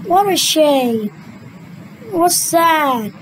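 Very high-voiced woman reading slowly. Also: expressive, slight background noise, low-quality recording. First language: Vietnamese. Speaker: storyteller voicing a cartoon retelling. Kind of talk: slow children's story reading.

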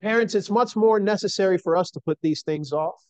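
A man's voice: sits high, no room sound. Earnest man preaching a sermon. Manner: earnest, slow emphatic delivery.

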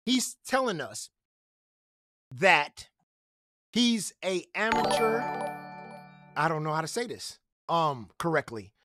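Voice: medium pitch, a bit bright, no echo, clean studio sound. A stream reactor giving crude, laughing commentary on a clip.

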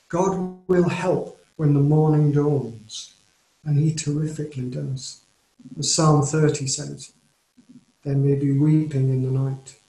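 A man with an English accent preaching a sermon in an earnest, measured way, leaning on key phrases. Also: fairly high pitch, a little mellow. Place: church or home, recorded for online service. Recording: roomy echo.

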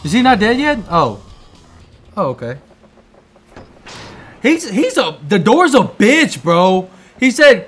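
Young male let's-play gamer, high and lively, excitable and profane, faint game music behind. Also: slow, long pauses. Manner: excitable, swearing, laughing, talking to the game. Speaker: gamer playing through a video game.

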